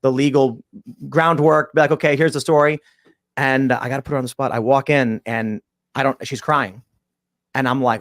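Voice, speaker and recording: Fast-talking male panel show host. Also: medium pitch, steady tone, fairly bright tone, no room sound. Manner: fast storytelling, introduces guests. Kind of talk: casual panel talk.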